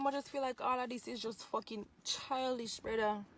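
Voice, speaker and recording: A woman's voice: a little high, fairly even intonation, moderate pace, fairly bright tone. A woman with a Jamaican accent venting angrily to camera outdoors in the hot sun, cursing heavily and repeating herself. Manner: profane, heated, repetitive. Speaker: social media poster. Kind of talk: angry venting rant to camera.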